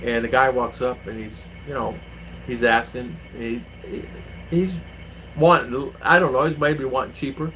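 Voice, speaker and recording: A man's voice: medium pitch, steady tone, a little slow, a bit bright, low-quality recording. Guy chatting away on his vlog, lots of uh and you know, faint air con hum behind him. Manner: rambling, anecdotal, with many fillers. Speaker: vlogger, channel host. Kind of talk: casual chat to viewers. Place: home in the Philippines.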